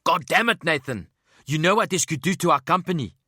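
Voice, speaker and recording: A man's voice: medium pitch, fairly even intonation, moderate pace, pushed and bright, no room sound, clean studio sound, pitched above the performer's own voice, natural voice. A man voicing a fat, sweating, hot-tempered businessman who rants with a South African accent. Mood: ranting, agitated. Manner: ranting, agitated.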